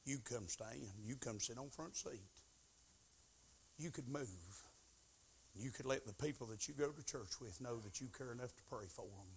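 A man preaching a sermon in church, pleading and swinging from shouted questions to hushed tones. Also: medium pitch, normal speed, creaky, breathy edge. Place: church sanctuary.

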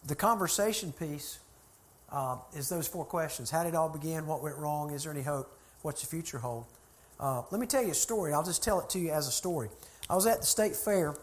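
Folksy man telling a story. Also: fairly high pitch. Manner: folksy, chatty anecdotes with laughter. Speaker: church consultant. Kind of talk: storytelling talk to a group.

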